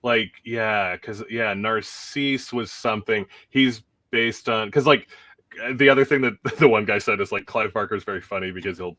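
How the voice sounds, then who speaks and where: Laughing, rambling man, bright tone. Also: lowish voice, moderate pace, no room sound. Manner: rambling, laughs often while talking. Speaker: podcast host. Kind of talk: casual chat about a film.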